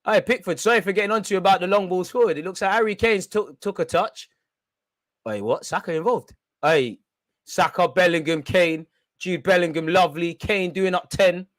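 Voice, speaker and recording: A young man hosting a football watch-along, reacting loudly in slangy, shouty commentary. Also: high voice, moderate pace, no echo. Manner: excitable, shouty and slangy, chanting and yelling at the referee.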